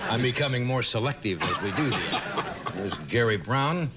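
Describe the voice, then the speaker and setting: Genial late-night talk show host. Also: male voice, medium pitch, animated, normal speed. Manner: genial, wry joke-telling with chuckles. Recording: television broadcast with audience noise. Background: studio audience.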